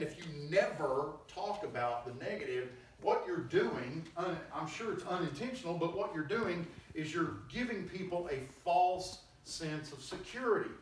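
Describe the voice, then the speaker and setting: A male preacher giving an emphatic, conversational sermon and acting out quoted voices, recorded in a church hall. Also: on the high side. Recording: very echoey hall, distant mic, faint noise.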